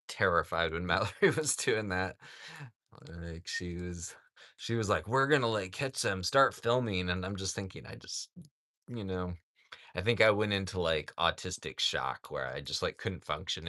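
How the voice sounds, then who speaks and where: Man, very low voice, unhurried, casual livestream chat, outdoors among farm animals, lots of "like". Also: no echo, clean studio sound. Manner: rambling, says "like" often, talks softly to animals. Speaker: animal sanctuary livestream host.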